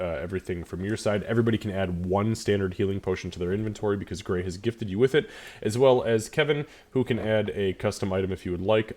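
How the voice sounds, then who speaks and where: A man's voice: low-pitched, a little mellow. A man running a tabletop game as dungeon master, chatting casually with his players and laughing often. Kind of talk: casual game wrap-up chat.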